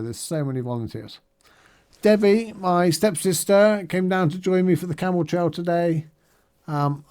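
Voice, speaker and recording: Chatty middle-aged man, upbeat video diary. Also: on the high side. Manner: chatty and upbeat, rambling asides with fillers. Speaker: charity challenge fundraiser. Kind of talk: casual video diary recap.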